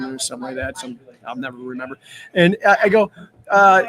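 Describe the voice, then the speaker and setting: A man's voice: high-pitched, fairly quick, a crowd in the background. A man who runs a pub, telling stories in a casual chat and acting out the people in them. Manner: storytelling, animated, acts out quotes. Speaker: bar owner.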